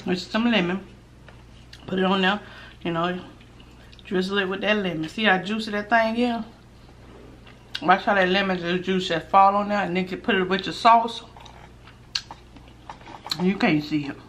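A middle-aged woman hosting a mukbang at home, chatting casually with viewers while eating and sometimes dropping to a hushed voice. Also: mid-range voice, normal speed, pauses often, a little hiss or hum. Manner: chatty, talks while chewing, drops to a hushed voice for gossip. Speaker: mukbang host.

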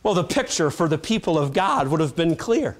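An evangelist delivers a revival-style sermon in a fairly high voice, a little fast, with big pitch swings. He moves between loud, shouted climaxes and hushed, low phrase endings, pacing everything dramatically.

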